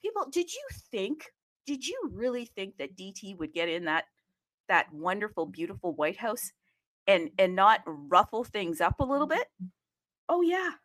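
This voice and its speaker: A woman hosting a live audio chat room, talking excitedly and casually, often addressing listeners as "people" and checking in with "okay?". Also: mid-range voice, moderate pace. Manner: animated, chatty, keeps asking "okay?" and addressing "people".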